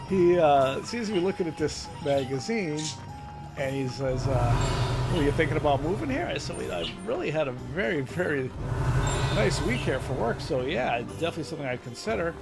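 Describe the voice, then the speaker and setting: Middle-aged male streamer with a New Haven accent; easygoing rambling talk, loud game music underneath. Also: a little high, vocal fry. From Connecticut. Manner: rambling, chatty storyteller. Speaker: gaming streamer. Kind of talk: casual chat while playing.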